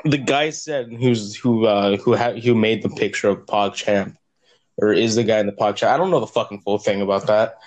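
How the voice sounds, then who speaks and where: A man's voice: fairly low pitch, moderate pace, a little mellow. Teen guy rambling and swearing. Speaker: podcast co-host. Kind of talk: casual chat.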